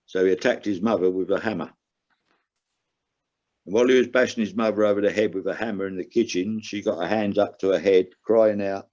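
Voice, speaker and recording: An older man with a low, mellow voice speaks earnestly and with feeling, his pitch jumping up when he drives a point home. The recording sounds dull and lo-fi. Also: fairly even intonation, a little fast. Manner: earnest, emotional, rises sharply when stressing a point. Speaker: guest, recovering gambler. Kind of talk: candid personal storytelling.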